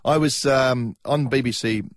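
A man's voice: mid-range voice, steady tone, unhurried, no echo. Australian male guest, rambling storyteller, dry studio mic. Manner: rambling, self-interrupting storyteller. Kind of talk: casual anecdote. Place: radio studio.

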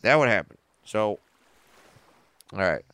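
Man, comedian guest, smooth clear voice, dry close sound, swears a lot, animated storytelling. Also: on the low side, measured pace, dry recording. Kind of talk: casual podcast interview.

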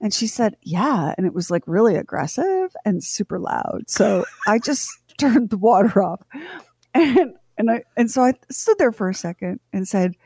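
A woman's voice: medium pitch, moderate pace, breathy edge, no echo, clean studio sound. A middle-aged woman co-hosting a radio show, telling a comic family story and acting out everyone's lines. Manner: animated, acts out family members' lines. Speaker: radio co-host.

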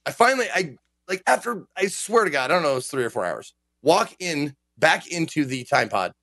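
Animated swearing man ranting. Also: on the high side, a little fast, no echo. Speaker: game streamer. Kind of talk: casual podcast chat.

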